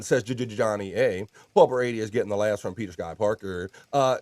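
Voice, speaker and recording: A chatty male host runs a casual livestream, reading viewer comments aloud and joking around. His voice sits at an ordinary middle pitch with a dry, close sound. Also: lively intonation, a little fast, few pauses, a little mellow, no echo.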